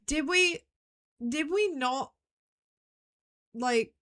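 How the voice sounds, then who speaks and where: A young woman streaming a game, thinking aloud in an excitable way and repeating her own phrases as she puzzles things out. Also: high voice, very slow. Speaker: VTuber streamer. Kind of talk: live game stream commentary.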